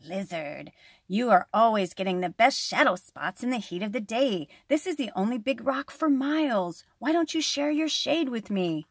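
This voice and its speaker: A woman's voice: fairly high pitch, animated, normal speed, husky, dry recording, studio quality. Brief: an irritable snake for a storybook, grumbling, read by a woman. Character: annoyed hissing male desert snake. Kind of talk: storybook reading.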